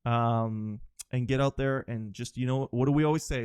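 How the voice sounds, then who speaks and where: A man's voice: medium pitch, normal speed, a little mellow, smooth, no echo, studio quality. A young man hosting his own podcast, a stand-up comic ranting loosely and jokingly, swearing and calling the listener dude and bro. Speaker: podcast host and stand-up comedian. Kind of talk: casual solo podcast rant.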